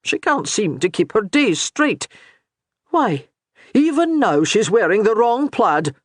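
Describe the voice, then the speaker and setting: A woman's voice: mid-range voice, big pitch swings, slow, dry recording, pitched above the performer's own voice. Brief: stubborn soldier of the clan, read by a woman, lecturing matter-of-factly, dry and close.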